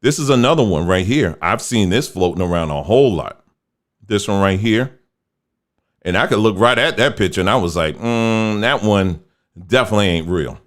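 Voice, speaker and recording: Low-voiced man giving casual commentary. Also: lively intonation, fairly quick. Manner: conversational, folksy, mocks others in quoted voices. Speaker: host. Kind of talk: casual commentary on pictures shown on screen.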